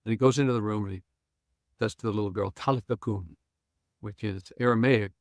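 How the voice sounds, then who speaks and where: An older man, a pastor and Bible scholar, retelling a story with lively acted-out lines and chuckles in a podcast conversation. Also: lowish voice, brisk, dry recording, clean studio sound. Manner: retells scenes acting out quoted lines, chuckling.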